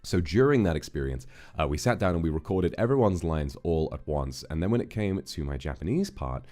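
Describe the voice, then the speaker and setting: A man's voice: a bass voice, expressive, fairly quick, mellow, faint music behind. A man chatting casually on a livestream, rambling and restarting his sentences with repeated words, in a reflective, amused way. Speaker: streamer.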